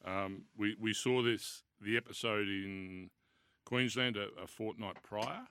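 A man's voice: on the low side, steady tone, a little slow, bright, forceful tone, smooth. An Australian man hosting a racing radio show, chatty and telling stories. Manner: storytelling, chatty. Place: radio studio.

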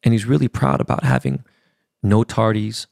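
A man's voice: on the low side, steady tone, normal speed, creaky, darkish tone, dry recording, clean studio sound. A middle-aged man hosting a podcast, telling a personal family story in a candid, emotional way with casual profanity. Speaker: podcast host.

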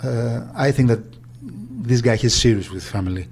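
Soft-toned man recalling. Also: medium pitch, a little hiss or hum. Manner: halting, searching for words. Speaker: agent. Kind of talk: interview recollection.

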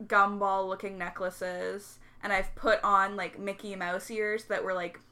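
A woman's voice: medium pitch, flat delivery, measured pace, sharp tone. A young woman in casual chat with a close friend, chatty and giggly, saying "like" a lot. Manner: chatty, giggly, heavy use of "like". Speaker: co-host.

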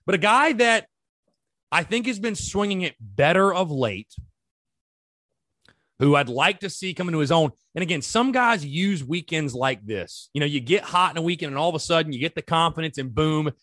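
A man's voice: on the high side, very animated, moderate pace, fairly bright tone, dry recording. A man hosting a sports podcast, talking casually and animatedly straight to his listeners. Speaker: podcast host. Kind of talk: solo sports podcast talk.

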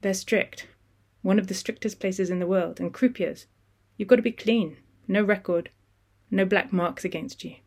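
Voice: mid-range voice, fairly even intonation, normal speed, close to an everyday voice. Reader doing a nervous sorry guy, pleading, slightly raised voice. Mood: resigned. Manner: pleading, then resigned. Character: anxious apologetic man in trouble.

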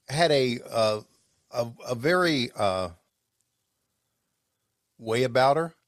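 A man co-hosting a podcast, chatting casually and telling rambling stories with many halting restarts. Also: medium pitch, no echo, clean studio sound. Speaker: podcast co-host, former wrestling commentator. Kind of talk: casual chat.

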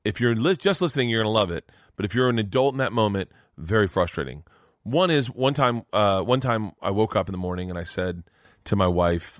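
A man's voice: fairly low pitch, no echo, clean studio sound. A middle-aged man, a stand-up comedian, telling stories on a podcast and acting out the people in them. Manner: fast, animated storyteller acting out quoted voices. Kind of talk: casual podcast storytelling.

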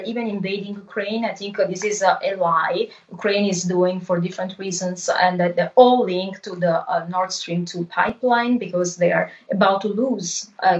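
A woman with a strong Italian accent answers interview questions, pausing often on filler sounds as she searches for words. Her voice sounds set back from the microphone. The remote line is muffled and lo-fi. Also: mid-range voice. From Italy. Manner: hesitant, many filler pauses. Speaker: guest. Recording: distant, dull remote line.

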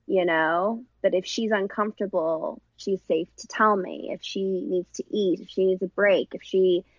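A woman director chatting in an interview, talking at length with frequent restarts and self-corrections. Her voice sits in a middle pitch, and the recording is dry and close. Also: fairly even intonation, normal speed, no room sound, dull audio. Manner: warm, rambling, lots of restarts. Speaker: film director and actress. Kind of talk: casual interview chat.

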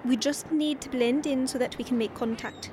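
A woman with an Irish accent, brisk and bossy in an audio drama. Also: high voice, fairly even intonation, noisy background, close to an everyday voice. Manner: brisk, bossy, keeps a partner on task.

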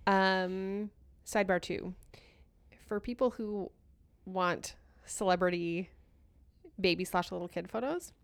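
A woman's voice: medium pitch, takes it slowly, pauses often, clear, resonant tone, no echo. A woman co-hosting a podcast, chatting enthusiastically with lots of fillers. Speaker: podcast co-host. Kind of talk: casual chat.

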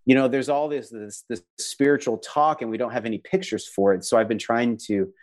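A visual artist, male, answers interview questions conversationally about his work and faith, earnest and reflective, with many fillers and restarts. His medium-pitched voice is steady, a little fast and darkish in tone.

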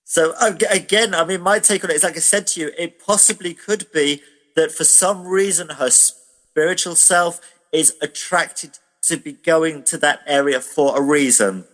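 A British man, a medium, giving measured, hedging explanations in a casual radio interview. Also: a little high, fairly bright tone, big-room sound. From Britain.

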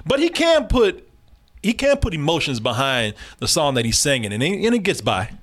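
A man's voice: fairly high pitch, sing-song, moderate pace, fairly bright tone. A man hosting a casual movie reaction chat, talking animatedly with frequent laughter and swearing.

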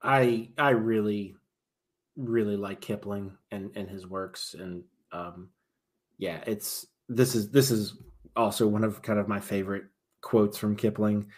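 A man's voice: lowish voice, steady tone, a little slow. A man, a military veteran, talking casually as a podcast guest, often restarting his sentences and swinging between emphatic and trailing-off delivery.

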